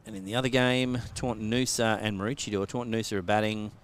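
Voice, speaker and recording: A man's voice: fairly low pitch, fairly even intonation, fast, a little hiss or hum. A man with an Australian accent doing casual live cricket commentary, joking and laughing often.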